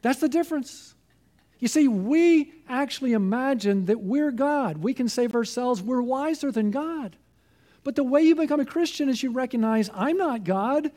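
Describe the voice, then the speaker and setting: A man's voice: extremely high pitch, lively intonation, moderate pace, mellow. A man preaching a sermon as pastor, earnest and persuasive, asking his listeners pointed questions.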